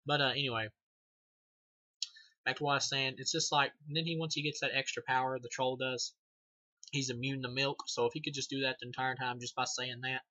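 A man's voice: mid-range voice, pushed and bright, no echo, dull audio. A man giving a casual, rambling movie review, loose and profane, laughing and restarting as he goes.

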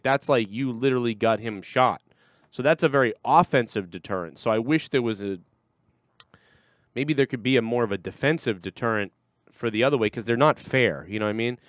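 A man's voice: mid-range voice, no echo, studio quality. A man hosting a livestream show, talking casually and crudely, rambling and swearing often. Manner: rambling, crude, swears a lot, acts out voices.

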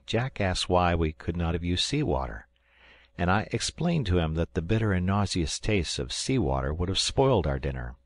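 Deep-voiced man reading an audiobook. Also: sing-song, no room sound. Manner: measured storytelling reading. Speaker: audiobook narrator. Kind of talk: scripted narration.

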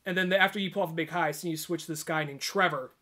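Young male podcast host, high and bright voice, animated casual storyteller. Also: racing. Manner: animated storyteller, acts out game characters' lines. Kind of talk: casual chat.

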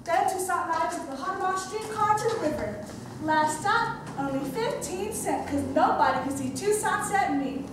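A young actress with a high voice delivering a lively theatrical monologue. She is caught from far back in the house, and the stage reverb is heavy, with a faint hiss underneath. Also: moderate pace. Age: young adult. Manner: vivid, playful storytelling.

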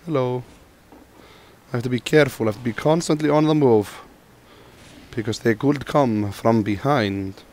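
With a mid-range voice at normal speed, a gamer with a sore throat jokes through his play and pauses often. A faint noise floor sits under his excitable chatter to teammates and himself.

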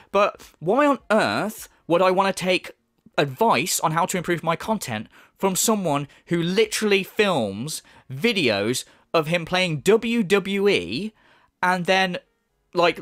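A man's voice: fairly high pitch, fairly bright tone, no echo, clean studio sound. A man giving an angry, sarcastic commentary full of swearing and mockery. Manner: profane, mocking, sarcastic rant. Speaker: YouTube commentator.

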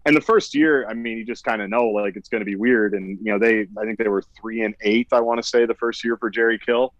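A man's voice: lowish voice, steady tone, fast talker, no echo, muffled recording. A man in his forties, a sports radio host appearing as a guest, chatting casually and rambling with lots of "like". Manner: rambling, full of "like". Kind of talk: casual podcast chat.

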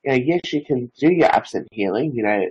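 Husky-voiced young man telling stories. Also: medium pitch, animated, fairly quick, darkish tone, muffled recording. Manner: rambling, peppered with filler phrases. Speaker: psychic medium and Reiki master guest. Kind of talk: casual storytelling interview.

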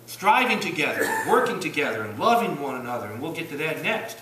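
A man from Virginia with a Southern accent gives an emphatic sermon in a church sanctuary, asking the congregation rhetorical questions. His voice is a little high, sing-song, and brisk. The recording is roomy, taken from some distance, with a noisy background.

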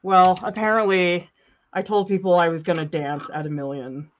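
A woman's voice: lowish voice, steady tone, normal speed, highs cut off, a little hiss or hum. A woman art teacher chatting casually and playfully during an art demo, teasing her co-host.

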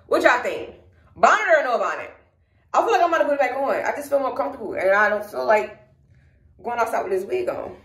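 A woman's voice: on the high side, expressive, fast talker, fairly bright tone, reverberant. A young Southern woman from Georgia chatting casually to her phone camera at home, frustrated and rambling as she speaks her mind. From Georgia, USA. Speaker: vlogger. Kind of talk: casual vlog talk to camera. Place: at home, indoors.

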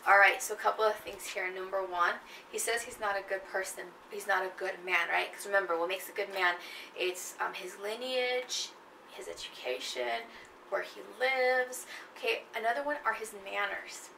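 A woman lectures on literature, often pausing to check in with her class. Her voice is gravelly and bright. It is picked up from a distance in a room with a lot of echo. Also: medium pitch, slight background noise. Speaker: literature teacher. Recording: echoey room, mic at a distance.

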